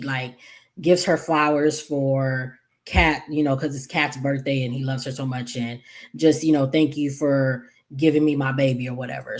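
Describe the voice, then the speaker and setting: Low-voiced woman rambling through a soap recap. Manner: rambling, full of fillers and self-corrections; opinionated, talks back to the characters. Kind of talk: casual episode recap.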